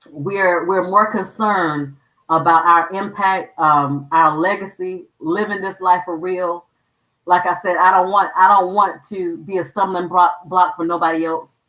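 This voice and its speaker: A woman's voice: on the low side, fairly bright tone, roomy sound, recorded from a distance, low-quality recording. A woman hosting a show, sharing her faith testimony in an earnest, emotional way and repeating words when moved. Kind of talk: personal testimony talk.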